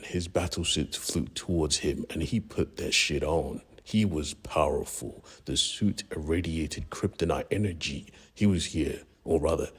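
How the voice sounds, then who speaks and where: A man's voice: deep voice, slightly rough. A man casually retelling a comic book story, slangy and profane. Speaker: comic book recap narrator.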